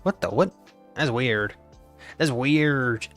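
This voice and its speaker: A man's voice: mid-range voice, takes it slowly, fairly bright tone, faint music behind. A nineteen-year-old man, chatting casually and playfully on a live gaming stream, teasing his chat and repeating phrases in mock outrage. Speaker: VTuber streamer.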